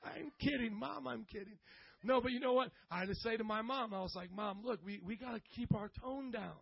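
High-pitched pastor guy preaching, jokey and animated, kinda dull dry sound. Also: brisk, gravelly, slightly rough, no room sound. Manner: animated, jokes with the congregation, rises to loud bursts. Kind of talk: sermon.

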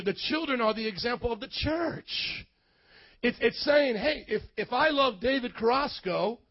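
A male pastor preaching a sermon in a church, shouting emphatically and calling for amens. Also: sits high, dull audio. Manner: emphatic, shouting, call-and-response.

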